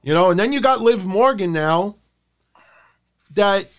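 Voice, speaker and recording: A man's voice: high voice, lively intonation, unhurried, fairly bright tone, clear, resonant tone. A man co-hosting a podcast, chatting casually about wrestling and mocking promos in put-on voices. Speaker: podcast co-host.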